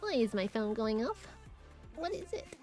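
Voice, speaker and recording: A woman's voice: on the high side, very animated, unhurried, music in the background. A woman, chatting casually on a live stream, rambling and laughing as she reads chat. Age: 20s.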